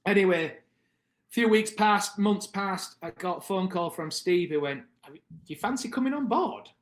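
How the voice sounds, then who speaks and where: A British man in his thirties tells a long story on a podcast and jumps into the voices of the people in it. His voice sits a little high for a man. The room around him is echoey. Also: moderate pace. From Britain. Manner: animated, acts out the voices of people in his stories. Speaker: podcast guest. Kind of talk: casual storytelling.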